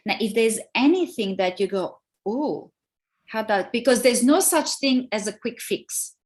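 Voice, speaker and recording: Woman coach, interview guest, animated and emphatic delivery. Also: fairly high pitch, measured pace. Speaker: relationship coach. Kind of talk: interview conversation.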